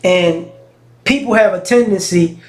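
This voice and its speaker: High-voiced man, frank slangy storyteller. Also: unhurried. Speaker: vlogger. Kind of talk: casual talking-head monologue.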